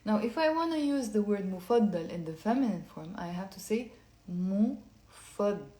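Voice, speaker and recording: A woman giving a casual online language lesson, talking low-key and quiet late at night, explaining step by step and having listeners repeat words aloud. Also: lively intonation, fast. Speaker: Lebanese Arabic teacher. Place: indoor room at night. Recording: echoey room.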